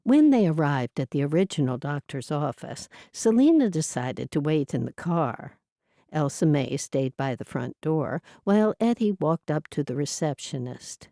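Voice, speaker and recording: A woman narrating an audiobook in measured storytelling. Her voice is low and mellow with a lively, varied pitch, recorded close and dry. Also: no echo. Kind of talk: scripted narration.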